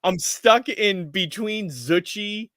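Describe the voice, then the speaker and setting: A man running a tabletop game as game master, relaxed and laughing often. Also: high-pitched, slow pace, dry recording, studio quality.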